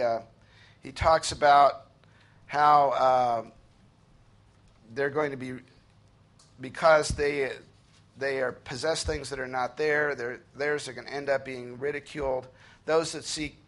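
A man preaching an earnest sermon, slowing down and lifting his voice when he reads scripture aloud. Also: mid-range voice, fairly even intonation, fairly bright tone. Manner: earnest preaching, slows and rises to read scripture. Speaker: pastor.

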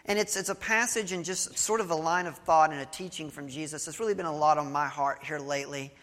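A man's voice: fairly high pitch, steady tone, a little fast, fairly bright tone. A male pastor giving a sermon, reading scripture and telling a story in a conversational preaching manner with small restarts. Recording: long hall reverb.

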